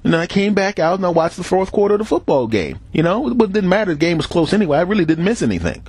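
Talking fast in a high, breathy voice, a middle-aged man hosts a podcast and delivers comic stories as a casual monologue. He's animated, mimics the people he quotes and laughs between bits, all with no room sound.

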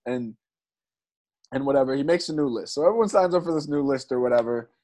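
A male stand-up comedian telling a story in casual chat, animated and swearing, acting out other people's lines. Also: medium pitch, fast.

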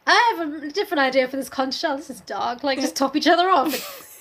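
A young woman in a casual chat, full of teasing jokes and quick comebacks. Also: high-pitched, a bit bright, slight background noise. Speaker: podcast co-host.

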